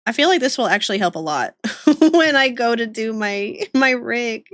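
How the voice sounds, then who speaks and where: A woman's voice: a little high, animated, normal speed, fairly bright tone, no room sound, clean studio sound. A woman streamer chatting casually with viewers while drawing, giggling often and greeting people by name. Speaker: livestreamer drawing art. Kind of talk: casual livestream chat.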